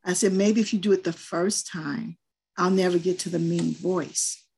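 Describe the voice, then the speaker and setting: A woman's voice: lowish voice, fairly even intonation, normal speed, creaky, a little mellow, slight background noise. An older woman and grandmother, speaking in a firm, earnest way in a group discussion and telling stories from home. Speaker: panelist. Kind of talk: casual discussion.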